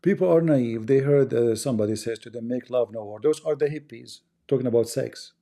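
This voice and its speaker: A man's voice: mid-range voice, brisk, vocal fry, warm tone. A man hosting a livestream, talking casually in English and arguing through rhetorical questions. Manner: argumentative, asks rhetorical questions, non-native grammar. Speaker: livestream host.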